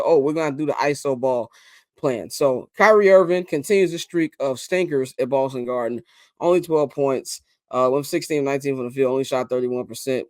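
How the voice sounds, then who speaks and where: Male podcast host, everyday mid-pitched voice, dry mic, loose and excitable. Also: no room sound. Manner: animated, fillers and restarts, leads the discussion. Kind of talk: casual sports talk.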